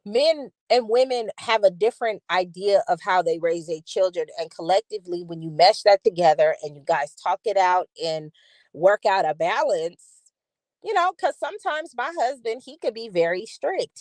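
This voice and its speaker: A woman's voice: fairly low pitch, dry recording. Chatty woman with a dry, close sound. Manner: chatty, animated, talks straight to viewers. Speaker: channel host. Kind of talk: casual commentary to a live chat.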